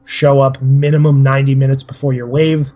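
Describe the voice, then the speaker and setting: A man's voice: mid-range voice, little pitch movement, brisk, dark tone. A man co-hosting a casual podcast, talking steadily and rambling with many fillers. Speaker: podcast co-host. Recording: slightly dull lo-fi audio.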